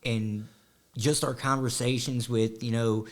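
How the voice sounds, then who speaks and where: A man's voice: mid-range voice, flat delivery, unhurried. A man from southwest Ohio with a slight country drawl, chatting easily as a podcast guest with lots of fillers. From Southwest Ohio, USA. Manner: easygoing, conversational, many fillers. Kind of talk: casual podcast interview.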